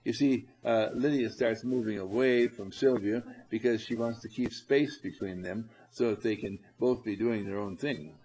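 A man leading a spiritual seminar, coaxing and animated, who addresses his listeners directly and laughs often. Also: on the low side, moderate pace, few pauses, rough recording. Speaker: seminar leader. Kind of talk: spiritual seminar talk to a group.

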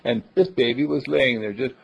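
An older man delivers a homespun sermon built from everyday stories, earnest and plainspoken with small hesitations. His voice is husky and gravelly. The recording has a dull, lo-fi sound. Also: mid-range voice, moderate pace. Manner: folksy and earnest, hesitant with uhs, acts out quoted voices.

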